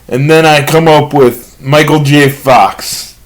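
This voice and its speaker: Halting, higher-voiced man telling jokes. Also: fairly even intonation, poor audio. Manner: halting, with many pauses and fillers; self-deprecating storytelling. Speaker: amateur comedian. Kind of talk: self-recorded stand-up comedy monologue.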